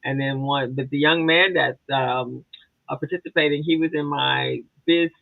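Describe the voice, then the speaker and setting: A woman's voice: a bass voice, fairly even intonation, normal speed, vocal fry, no echo. A woman co-hosting a casual podcast chat, rambling and chatty, with many fillers and restarts. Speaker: co-host. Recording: tinny phone-like dry sound.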